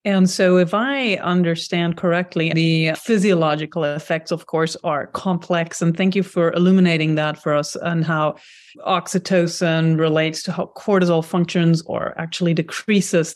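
A woman hosting an interview, summarizing thoughtfully and asking measured questions. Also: fairly low pitch, fairly even intonation, darkish tone. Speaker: podcast host.

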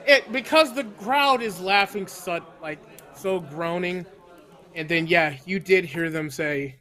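A man narrating a tabletop game as game master, in a slow, theatrical way. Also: on the high side, bright, forceful tone.

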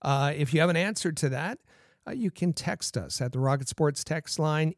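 A man's voice: on the high side, normal speed, no echo, studio quality. A man co-hosting a sports podcast, talking casually with repeated words and fillers. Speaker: podcast co-host.

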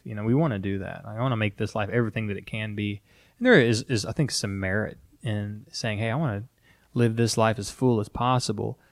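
A man's voice: mid-range voice, no echo. Man, pastor, casual teaching chat, earnest, dry sound. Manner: earnest, conversational, animated quoting.

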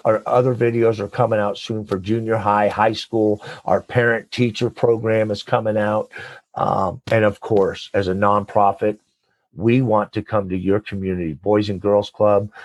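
Appearing as an interview guest, this man, who leads a nonprofit and coaches, talks with the fervor of a preacher, using call-and-response. He has a fairly low pitch and an unhurried pace.

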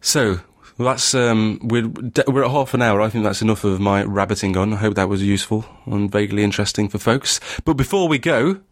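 A man with a mild northern English accent talks through a casual podcast chat. His voice sits low, and he keeps stopping to restart his sentences with ums. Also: brisk, hardly any pauses. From northern England. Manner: hesitant, many restarts and ums. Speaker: podcast host and novelist.

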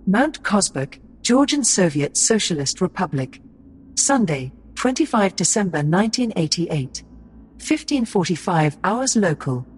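A woman reading place and time headings in a crisp, formal way. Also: lowish voice, very animated, a little slow. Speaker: scene-heading reader. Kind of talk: scripted narration. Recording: long hall reverb.

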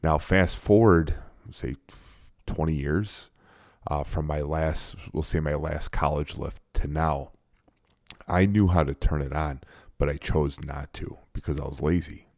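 A man's voice: rumbling low, measured pace, a little mellow, no echo, studio quality. A man in his forties, a guest in a casual interview, talking in a blunt and emphatic way. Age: 40s. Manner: blunt and emphatic, self-described sarcastic.

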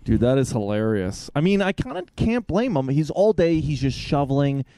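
A man's voice: mid-range voice, very animated, normal speed, warm tone, no echo. A man co-hosting a casual chat, reacting to a friend's story with wry, teasing comments. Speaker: podcast co-host.

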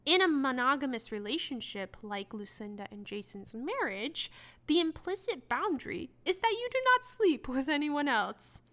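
A woman hosting a book review show, talking casually with heavy sarcasm and animated asides. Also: high-pitched, normal speed. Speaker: book review podcast host.

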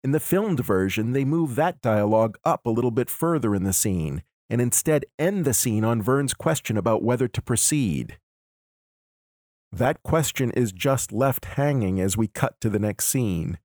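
A man hosting a podcast, giving a measured, analytical lecture. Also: mid-range voice, lively intonation, darkish tone, no echo, studio quality. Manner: measured, explanatory. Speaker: podcast host.

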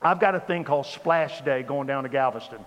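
A man giving a sermon testimony, telling his story with lively repetition. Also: medium pitch, a little fast, big-room sound. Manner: animated storytelling with repeated phrases. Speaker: preacher.

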